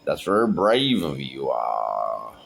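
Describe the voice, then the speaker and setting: A man voicing a mildly judgmental male support-group leader who talks haltingly. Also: very deep voice, big pitch swings, gravelly, slight background noise, voice pushed down, heavily acted. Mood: chiding.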